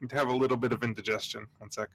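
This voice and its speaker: A man's voice: medium pitch, little pitch movement, very fast, background noise. A man playing a tabletop game, talking casually with fillers. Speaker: player.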